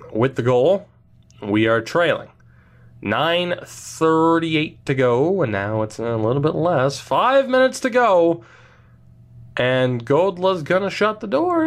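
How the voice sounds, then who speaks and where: A young man casually commenting on his hockey video game franchise, playful and self-mocking, with drawn-out pauses. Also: fairly high pitch. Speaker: gaming video host.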